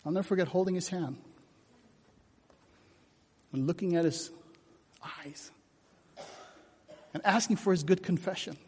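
A man preaching a sermon, telling personal stories with acted-out dialogue, moving from loud shouts to hushed whispers. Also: high-pitched, unhurried, pauses often, husky. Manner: animated storytelling, shifts from shouts to hushed whispers. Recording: long hall reverb.

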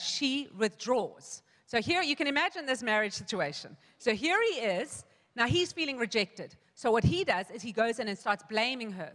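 A woman pastor preaching in a church hall, her voice pitched a little high and bright, with a long echo trailing every phrase. She tells a personal story in a loose, chatty way, often restarting her sentences and quoting herself. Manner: storytelling with many restarts and quoted asides. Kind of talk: sermon.

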